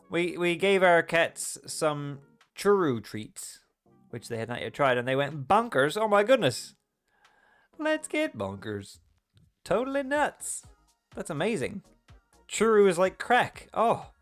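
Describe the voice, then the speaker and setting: A man's voice: a little high, a bit bright. Playful man chatting on a livestream. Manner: chatty and playful, reading chat aloud and joking. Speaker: livestream host. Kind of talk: casual chat with live viewers.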